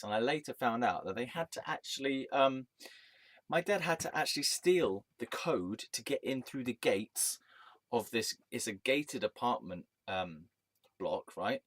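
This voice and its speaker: A man's voice: fairly low pitch, moderate pace, a bit bright, no echo. A man telling a personal story in a rambling, angry rant, swearing and restarting his sentences. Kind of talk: casual storytelling monologue.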